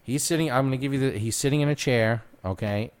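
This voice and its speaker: A man's voice: mid-range voice, fast, smooth. A man co-hosting a podcast, telling a wild work story in casual chat, profane and laughing as it builds. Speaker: podcast co-host.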